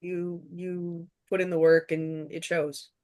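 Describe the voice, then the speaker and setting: The woman who created and produced the series chats casually and gratefully in a commentary, rambling loosely. Her voice is fairly low, slow, level in tone and a little mellow.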